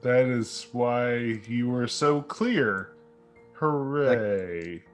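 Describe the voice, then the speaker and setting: A man's voice: medium pitch, very slow, faint music behind. A man chatting casually as a player in a tabletop game over an online voice call, thoughtful and easygoing.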